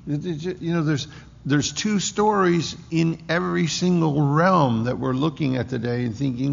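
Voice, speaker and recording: A pastor's sermon from a man with a gravelly, creaky voice, pressing each point home by repeating it. His words ring through a large church hall with a long reverb. The recording itself sounds dull and lo-fi. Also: a little high, normal speed, slight background noise. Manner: emphatic, repeating key phrases. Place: church sanctuary.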